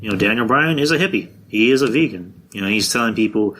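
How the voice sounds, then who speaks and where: A man's voice: medium pitch, expressive, quick pace, few pauses, pushed and bright. A man hosting a podcast, talking through wrestling predictions in a blunt, profane, casual monologue. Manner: blunt and profane, with frequent restarts. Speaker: podcast host.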